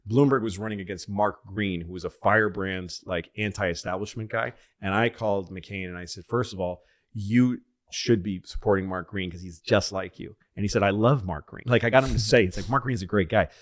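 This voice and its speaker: A man's voice: lowish voice, a little fast. A middle-aged man from Massachusetts telling stories in casual podcast chat, acting out the voices of the people he quotes. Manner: animated storyteller, acts out quoted voices.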